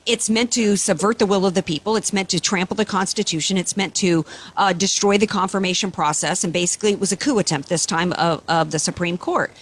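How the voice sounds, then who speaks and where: A woman's voice: lowish voice, a little fast. A woman hosting a talk radio show, speaking emphatically with repeated phrases and frequent restarts.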